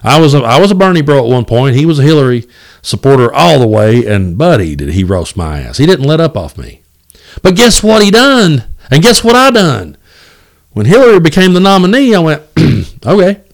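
A man's voice: fairly high pitch, sing-song, moderate pace, creaky. A man hosting a solo podcast, talking in a blunt, fired-up and profane way, often repeating words as he restarts. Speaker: podcast host.

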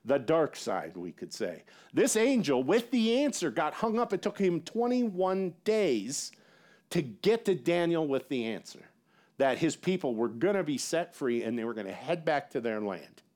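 A man preaching a sermon in an animated, conversational way, with casual asides. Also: a little high, measured pace. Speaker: pastor.

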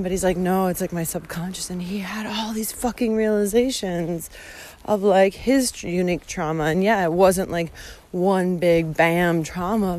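A woman's voice: mid-range voice, a little mellow. An effusive woman in a mid-range voice, telling a heartfelt personal story in a loose, candid way. She swears often and strings her thoughts together with plenty of fillers, talking as she walks outdoors. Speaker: vlogger. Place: outdoors, walking along a route.

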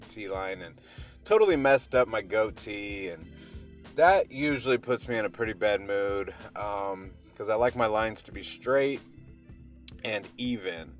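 Upbeat man hosting a morning podcast. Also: fairly low pitch. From Pacific Northwest. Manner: upbeat, rambling, motivational. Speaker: podcast host. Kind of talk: casual morning podcast monologue.

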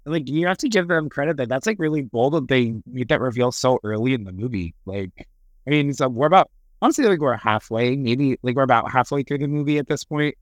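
A man's voice: mid-range voice, expressive, a little fast, no echo. A man co-hosting a podcast, chatting eagerly about a movie, full of fillers and acted-out quotes. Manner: enthusiastic, lots of fillers, acts out quotes. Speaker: podcast co-host. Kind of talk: casual chat about a movie.

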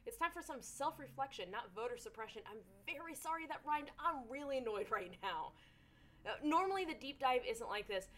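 A young woman hosting a scripted commentary show, talking in an animated, sarcastic way. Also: fairly high pitch, slight background noise. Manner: animated, sarcastic, puts on silly voices for jokes. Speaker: host.

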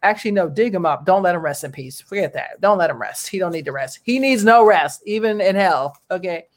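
A person delivering a casual opinion monologue to viewers, animated and exclamatory, with slangy asides and lots of fillers. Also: fairly quick. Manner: animated, slangy and exclamatory, with big pitch jumps.

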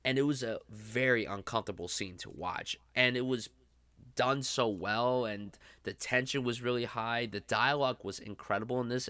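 A man's voice: lowish voice, sharp tone, smooth, no room sound. A man hosting a casual film podcast, talking enthusiastically in loose, rambling sentences. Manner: enthusiastic, talks in loose run-on sentences with fillers. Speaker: podcast host.

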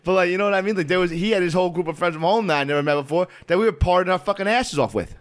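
A man's voice: sits high, racing. Profane, laughing young man podcaster. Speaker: podcast co-host. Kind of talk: casual crude chat.

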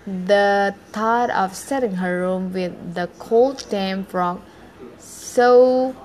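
A woman reading a fairy tale aloud, halting and correcting herself as she goes. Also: mid-range voice, a little mellow. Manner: halting, with frequent self-corrections. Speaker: storyteller.

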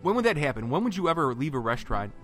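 A man's voice: a little high, sing-song, rapid-fire, a bit bright. A man spins a long, casual trip story for his co-host, full of fillers and restarts. He slips into the voices of the people he quotes. Faint music plays underneath. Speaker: podcast co-host.

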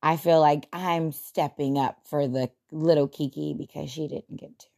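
Low, gravelly-voiced woman musing aloud. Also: fairly even intonation, moderate pace, mellow. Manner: chatty, laughs often, self-deprecating. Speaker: podcast host. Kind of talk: casual reflective monologue.

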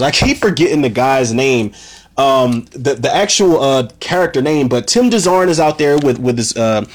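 A man talks through a film he has watched in a loose, casual recap. He swears often and strings his thoughts together with "you know" and "man". His voice sits at an ordinary middle pitch. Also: animated, moderate pace. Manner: profane, rambling, full of "you know" and "man". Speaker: movie reviewer.

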